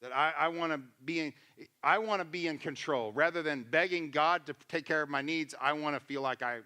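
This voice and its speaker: Guy preaching to his church, bright punchy voice, keeps asking the crowd stuff. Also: on the high side, fairly quick, clean tone. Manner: emphatic, acts out quotes in voices; conversational, asks the congregation questions. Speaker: pastor. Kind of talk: sermon.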